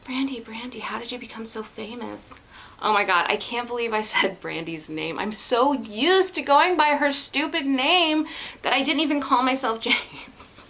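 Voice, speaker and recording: A woman's voice: medium pitch, pushed and bright, slight background noise, poor audio. Giggly, rambling woman vlogger. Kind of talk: casual chat.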